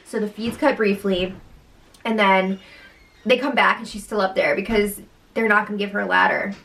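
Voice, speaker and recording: A woman's voice: mid-range voice, steady tone, moderate pace, fairly bright tone. A young woman co-hosting a podcast, chatting casually through a recap, giggling often and saying "like" a lot. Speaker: podcast co-host.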